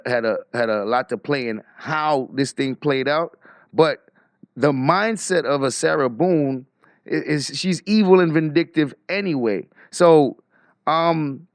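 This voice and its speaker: A man hosting a livestream, giving animated, emphatic casual commentary with frequent restarts. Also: medium pitch, dry recording, clean studio sound. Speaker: livestream host. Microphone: headset or desk mic.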